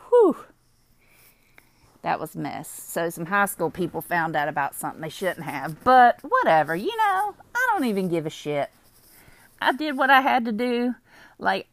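A young woman with a drawl rambles through a loose, confessional chat while high. She laughs often and swears freely. Her voice sits a little low, and the recording is dry and close. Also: a bit bright, no room sound. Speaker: vlogger.

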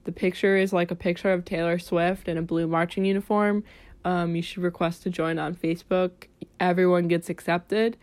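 A woman's voice: fairly low pitch, steady tone, moderate pace, darkish tone. A young woman co-hosting a podcast, chatting casually with dry, understated replies. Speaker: podcast co-host. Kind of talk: casual chat.

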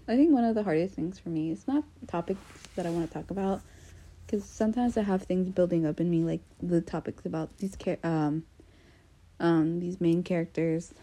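A young American woman hosts a casual solo podcast, chatty and self-deprecating, with plenty of fillers and restarts. Her voice is lowish and dark, with a breathy edge.

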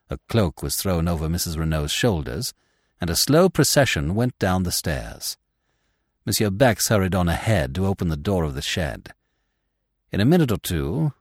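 A man narrates a classic mystery in a deep, low voice with lively, expressive swings of pitch. His storytelling is measured and deliberate. The recording is close and completely dry. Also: dry recording.

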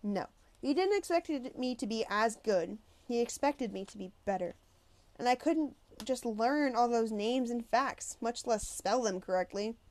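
A woman reading a novel aloud as first-person narration, with a lively storytelling delivery. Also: fairly high pitch, a little slow. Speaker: audiobook reader.

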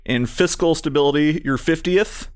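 Higher-voiced man rattling off facts. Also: moderate pace, smooth. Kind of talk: casual chat.

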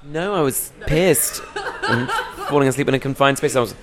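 A man's voice: mid-range voice, moderate pace, over music. A young British man, a touring stand-up comedian, chatting in a rambling, self-deprecating way in a podcast interview. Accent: British English. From England.

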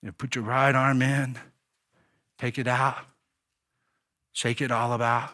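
A man's voice: medium pitch, flat delivery, pushed and bright. A man preaching a sermon as a pastor, telling his own story with many restarts and acting out dialogue with God. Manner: earnest, halting storytelling with many restarts and fillers; voices God and himself in quoted dialogue.

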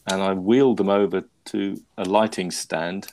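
A man's voice: deep voice, steady tone, normal speed, a little mellow, slight background noise. A man hosting a podcast, telling a story in a rambling, self-mocking way with lots of restarts. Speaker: podcast host. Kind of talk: casual chat.

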